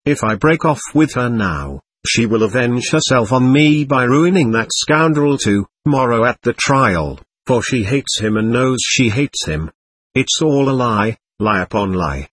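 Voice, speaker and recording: A man reading an irritable, contemptuous young man in a storybook, with a husky, lively voice. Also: medium pitch, unhurried. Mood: bitter.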